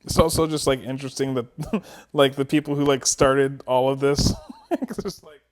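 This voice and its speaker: A man's voice: mid-range voice, moderate pace. A man co-hosting a casual movie podcast, laid-back and often laughing between short remarks. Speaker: podcast co-host.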